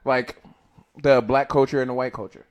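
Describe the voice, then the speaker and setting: A man's voice: medium pitch, level tone, moderate pace, muffled recording. A man co-hosting a podcast in casual chat, talking loosely and profanely, with frequent restarts. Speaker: podcast co-host.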